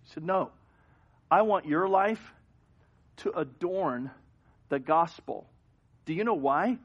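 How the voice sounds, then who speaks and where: A man preaching a sermon as pastor, telling a story with animated swings from hushed to loud. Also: a little high, slow, muffled recording. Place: church sanctuary.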